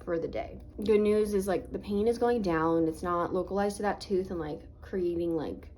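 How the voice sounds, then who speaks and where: A woman's voice: fairly low pitch, moderate pace, darkish tone, a little hiss or hum, low-quality recording. A woman vlogger telling a personal story to camera in a casual, chatty way, full of "like" fillers, talking through a swollen, sore face. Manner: earnest, faith-minded reflection.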